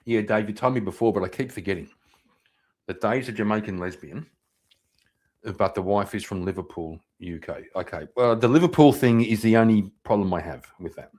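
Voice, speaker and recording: A man's voice: lowish voice, a little fast, a little mellow. A man hosting a live stream, reacting to clips in loose, profane commentary, laughing and repeating himself. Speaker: livestream host reacting to clips.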